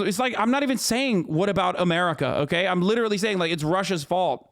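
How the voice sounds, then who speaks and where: A man's voice: high voice, quick pace, hardly any pauses. A man in his thirties streaming a heated, profane political rant to his chat, angry and stumbling over restarts.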